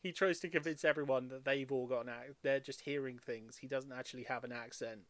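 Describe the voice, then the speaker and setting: A man's voice: mid-range voice, steady tone, brisk, no room sound. A man running a tabletop game who chats in a rambling way and laughs often. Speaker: dungeon master. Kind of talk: casual chat in a tabletop game stream.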